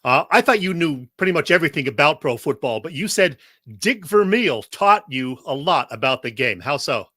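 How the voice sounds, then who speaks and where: A man's voice: fairly high pitch, animated, moderate pace, pushed and bright, no echo, studio quality. A man hosting a podcast and asking a guest prepared questions. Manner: attentive, asks prepared questions. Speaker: podcast host. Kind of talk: interview questions.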